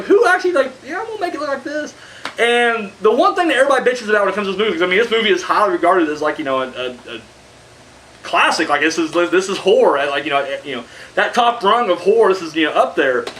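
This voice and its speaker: A man's voice: high voice, lively intonation, fast, fairly bright tone, slight background noise. A man reviewing horror films in a rambling, profane way, full of fillers and sarcastic asides. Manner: profane, rambling, heavy on "you know" fillers. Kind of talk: casual rambling film review.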